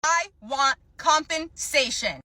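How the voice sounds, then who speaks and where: A woman's voice: sits high, expressive, takes it slowly, sharp tone, pitched above the performer's own voice, exaggerated voice. Woman doing a haughty entitled mom customer. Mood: indignant. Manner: haughty, complaining. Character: entitled demanding mother customer.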